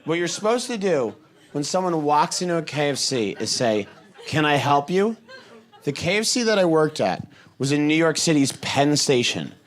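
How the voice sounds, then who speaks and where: A man from the Boston area performing a stand-up comedy set, telling stories quickly and animatedly, with bursts of shouting. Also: a little high, very animated. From Boston area, USA.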